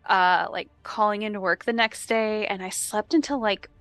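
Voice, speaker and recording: A woman's voice: mid-range voice, fairly even intonation, moderate pace, a bit bright, dry recording, soft background music. A woman co-hosting a podcast in casual chat, easygoing and laughing often. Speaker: podcast co-host and editor.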